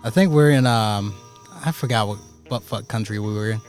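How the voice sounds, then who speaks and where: A man co-hosts a loose, crude podcast from somewhere outdoors at night. He jokes constantly and breaks into laughter between lines. Faint music sits low in the background. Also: fairly quick, a little mellow. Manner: laughs often, jokey, crude. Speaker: podcast co-host. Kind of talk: casual chat.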